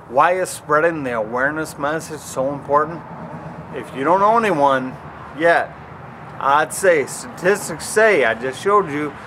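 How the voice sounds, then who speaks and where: A man speaking as an author and motivational speaker, making an earnest, emphatic direct appeal in short phrases with pauses. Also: mid-range voice. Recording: traffic noise outdoors.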